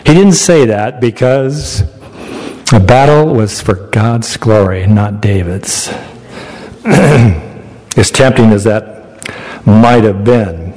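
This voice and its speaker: A man's voice: on the low side, animated, slow pace, pauses often, a little mellow, in a large hall, low-quality recording. A man preaching a sermon, retelling a Bible story in a folksy, conversational way and asking his listeners questions.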